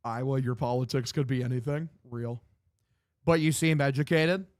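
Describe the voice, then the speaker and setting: A man's voice: mid-range voice, normal speed, no echo, clean studio sound. A young man streaming from home, chatting loosely with his viewers and calling the game play-by-play. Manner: loose, profane, reads chat aloud and answers. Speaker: streamer doing live play-by-play. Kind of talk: casual stream chat with play-by-play commentary. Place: home room.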